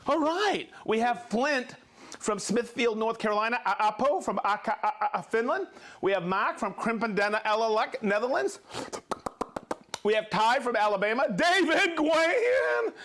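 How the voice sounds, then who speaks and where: High-voiced joking male livestream host. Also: fairly bright tone. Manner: jokey, stumbles over place names, quick asides. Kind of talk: reading viewer shout-outs on a live show.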